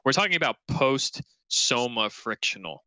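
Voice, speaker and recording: A man's voice: medium pitch, very animated, a little slow, bright, forceful tone, clean tone, no room sound, low-quality recording. A man co-hosting a casual gaming podcast, talking emphatically and swearing often while he argues his opinions. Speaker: podcast co-host.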